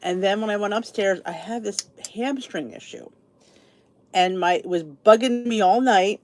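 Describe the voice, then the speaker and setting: A woman's voice: medium pitch, normal speed, darkish tone. A middle-aged woman hosting a casual live podcast, chatty and rambling, greeting viewers by name while sounding tired and sleepy. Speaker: podcast host. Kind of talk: casual live-stream chat.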